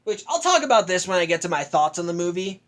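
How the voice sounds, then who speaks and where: A man's voice: high-pitched, sing-song, fast, fairly bright tone. A young man casually recapping a film, rambling with frequent restarts and self-corrections.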